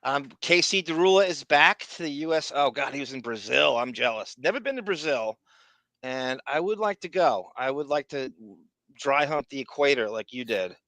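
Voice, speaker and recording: A man's voice: mid-range voice, moderate pace, no echo. A man hosting a casual podcast, reading live chat and ranting with lots of laughter. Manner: animated, ranting, laughs often. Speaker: podcast host.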